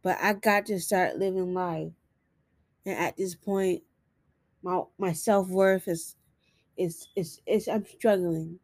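Slow, flat-voiced woman vlogging. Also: on the low side, dry recording. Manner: earnest, self-encouraging, halting. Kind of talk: personal confessional vlog.

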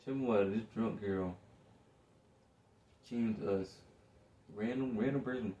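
A man's voice: lowish voice, measured pace, mellow, recorded from a distance, muffled recording. A young man telling a story in casual chat as a vlog co-host, laid back and chuckling, raising his voice when he quotes someone. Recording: echoey room.

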